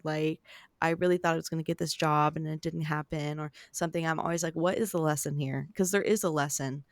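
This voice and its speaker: Young woman podcast host, chatty and upbeat, gravelly fry, dry mic. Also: deep voice, no room sound. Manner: chatty, upbeat, fillers and asides. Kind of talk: casual podcast chat.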